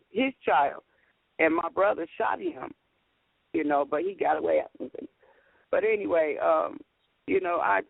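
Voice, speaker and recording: Gravelly-voiced woman caller on a phone line. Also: mid-range voice, no room sound. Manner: halting, repetitive storytelling. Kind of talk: emotional call-in testimony.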